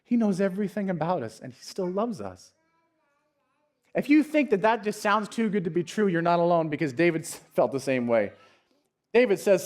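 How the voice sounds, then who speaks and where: High-voiced man preaching a sermon. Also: very animated, moderate pace. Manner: earnest, storytelling with dynamic swings from hushed to raised. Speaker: pastor. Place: church.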